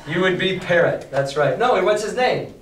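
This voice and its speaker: Male teacher reading aloud, fairly high voice. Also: animated, normal speed, a bit bright. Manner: casual, plain-spoken asides between reading. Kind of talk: reading a novel aloud to a class and explaining it. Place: classroom. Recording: roomy classroom from far off.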